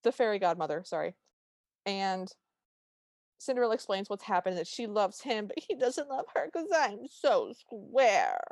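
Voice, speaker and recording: On a podcast, a woman co-host recaps an episode in casual chat, telling it with lively storytelling and acting out the quotes. Her voice sits at medium pitch and moves at a moderate pace. The studio recording is clean, with no room sound.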